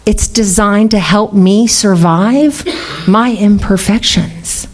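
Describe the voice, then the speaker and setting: A middle-aged woman with a mid-range voice talks unhurriedly about her recovery in a meeting room. She's open about it, laughing frequently and swearing freely.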